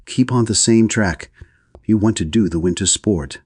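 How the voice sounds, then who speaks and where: A man's voice: on the low side, normal speed, a little mellow, slightly rough, no echo, studio quality, pitched above the performer's own voice. A man voicing a teasing young woman in an audiobook. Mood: playful teasing. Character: playful young woman, quick-witted lover.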